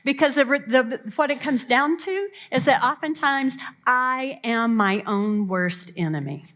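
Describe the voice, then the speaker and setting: A woman's voice: high-pitched, unhurried, fairly bright tone. Earnest storytelling woman speaker. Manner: earnest, self-deprecating, storytelling. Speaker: family camp speaker. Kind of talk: warm personal talk to an audience.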